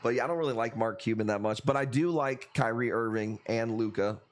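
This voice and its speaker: A man's voice: medium pitch, fairly quick, slight background noise. Loose-talking guy hosting a stream. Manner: loose, profane banter with viewers, says dude a lot. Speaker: live coral auction stream host. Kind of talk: casual live-stream chat and auctioneering.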